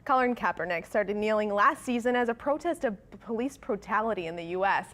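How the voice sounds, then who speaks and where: A woman's voice: mid-range voice, animated, fairly quick, a bit bright. A woman anchoring a morning TV newscast, reading stories and bantering playfully with co-hosts. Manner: upbeat, playful between stories. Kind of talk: scripted news reading with banter.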